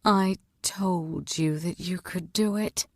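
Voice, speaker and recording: A woman reading a storybook and voicing a calm, steady female healer who teaches in a low, quiet voice. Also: takes it slowly, no echo, clean studio sound.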